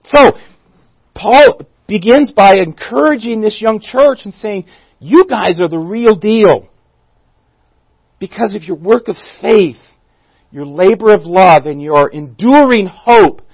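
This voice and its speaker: A man's voice: high-pitched, expressive, slow, no echo, muffled recording. A man teaching a Bible study in a church, who asks the audience questions, restarts his sentences and leans on key words. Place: church room.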